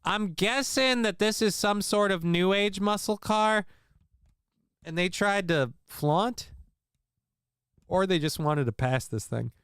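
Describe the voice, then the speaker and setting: A man's voice: sits high, animated, slow, long pauses, fairly bright tone, smooth. A man hosting a casual livestream, rambling with crude jokes and self-deprecating asides while feeling unwell. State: unwell after vomiting. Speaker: livestream host. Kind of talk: casual live commentary.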